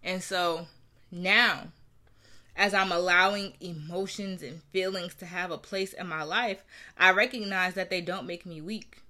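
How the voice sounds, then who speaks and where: A woman's voice: on the low side, fairly even intonation, measured pace, sharp tone. A woman in her thirties from New Jersey, talking candidly about her feelings and repeating phrases for emphasis. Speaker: mother sharing her story. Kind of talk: personal reflective talk.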